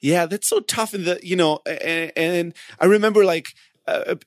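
A man co-hosting a podcast about founders, talking casually, full of restarts and stutters, breaking into sudden animated outbursts. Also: sits high, no echo. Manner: halting, with many restarts, and animated outbursts when quoting himself. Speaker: podcast co-host, company founder. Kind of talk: casual conversation.

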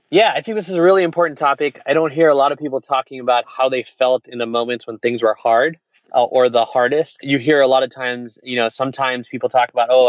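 A man in his forties, an entrepreneur, telling a personal story in casual conversation, frank and quick with restarts and laughs. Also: medium pitch, dry recording, muffled recording. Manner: fast, candid, laughs and restarts often. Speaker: entrepreneur, podcast guest.

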